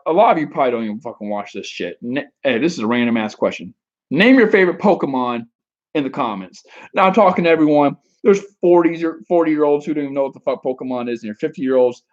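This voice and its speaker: A man's voice: fairly high pitch, muffled recording. A man giving dating advice on a casual live stream, answering chat with rambling, crude jokes and frequent restarts.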